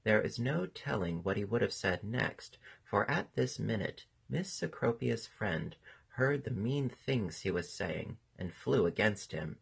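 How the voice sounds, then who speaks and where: A man reading a children's story aloud in a gentle, expressive storytelling manner. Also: lowish voice, measured pace, creaky, slightly rough. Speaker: reader. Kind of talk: storybook narration.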